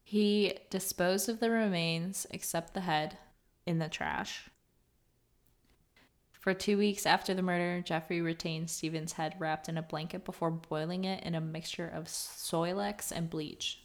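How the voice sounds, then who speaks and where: A young woman with a fairly low voice co-hosts a true crime podcast. She reads the case details steadily, now and then breaking into nervous laughter. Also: steady tone, measured pace. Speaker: podcast co-host.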